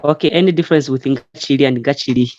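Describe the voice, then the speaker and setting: A man from Zambia teaching a language in an online class, explaining slowly and patiently with frequent fillers. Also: medium pitch, darkish tone. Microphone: online call. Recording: muffled online call audio.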